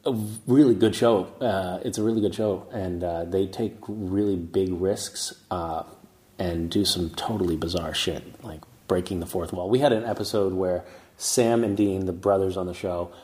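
A man with a fairly low voice talks easily in a casual interview, poking fun at himself as he goes. He fills gaps with ums and uhs and often restarts a thought mid-sentence. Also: moderate pace. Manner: relaxed, self-mocking, many fillers and restarts. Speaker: actor guest. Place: castle in Scotland.

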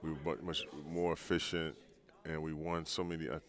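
Deep-voiced older man telling stories. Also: brisk. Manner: relaxed, rambling, frequent restarts and laughs. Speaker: former pro basketball player, guest. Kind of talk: storytelling in a podcast interview.

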